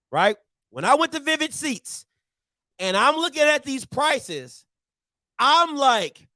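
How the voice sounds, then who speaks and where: High-voiced ranting male host. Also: pushed and bright, no room sound. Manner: ranting, repetitive, mocking put-on voices. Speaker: show host. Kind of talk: animated morning-show rant.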